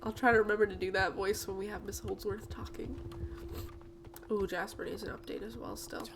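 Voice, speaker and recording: A woman's voice: mid-range voice, steady tone, a little fast, vocal fry, slight background noise. A woman hosting a game playthrough, chatting casually in a bubbly, giggly way. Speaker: gaming channel host. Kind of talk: casual gameplay commentary.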